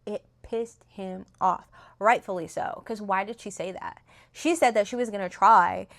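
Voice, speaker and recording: A young woman, a book reviewer, talks through a novel's plot at a moderate pace in casual, rambling conversation with many fillers and restarts. Her mid-range voice is a bit bright with some vocal fry, and the recording was made on a phone.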